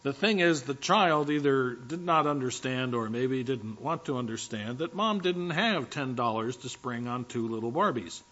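A man's voice: mid-range voice, expressive, moderate pace, hardly any pauses, a bit bright, lo-fi sound. Chatty, storytelling male preacher. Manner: conversational storytelling with fillers. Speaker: pastor. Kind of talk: sermon.

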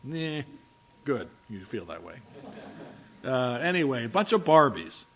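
A male pastor delivering a sermon as if chatting, telling stories and stopping for fillers as he goes. His voice sits at an ordinary pitch, and the recording is slightly dull and lo-fi. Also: big pitch swings, measured pace. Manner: conversational storytelling with fillers.

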